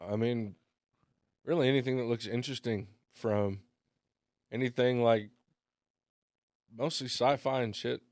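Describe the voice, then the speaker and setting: A man's voice: medium pitch, steady tone, unhurried, pauses often, a little mellow, no room sound. A man who is a guest on a casual podcast, telling stories in a laid-back way and swearing a lot. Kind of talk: casual chat, storytelling.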